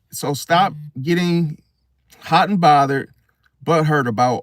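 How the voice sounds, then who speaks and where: A man talking casually to the camera about a star sign. He often ends a point with a low, quiet "see?". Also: takes it slowly, dry recording, studio quality. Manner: conversational, repeats "see?" with a dropping voice. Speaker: astrology video host. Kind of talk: casual monologue.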